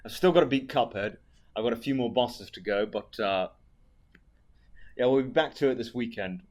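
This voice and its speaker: A male streamer reading fan fiction aloud on a live stream in an animated, sweary way, his voice hoarse from hours of reading. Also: mid-range voice, normal speed. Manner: animated, sweary, exaggerated delivery.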